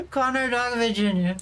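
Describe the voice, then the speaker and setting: A woman's voice: fairly high pitch, a bit bright, poor audio. A young adult woman livestreaming as a VTuber, chatting casually and giggling as she reads and answers her viewers' messages.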